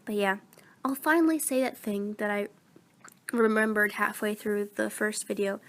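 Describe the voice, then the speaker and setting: A woman's voice: medium pitch, fairly even intonation, normal speed. A fourteen-year-old girl who is sick, rambling casually into her phone about recording voice-acting videos. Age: teens. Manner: rambling, meandering, self-deprecating. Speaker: voice actor vlogger.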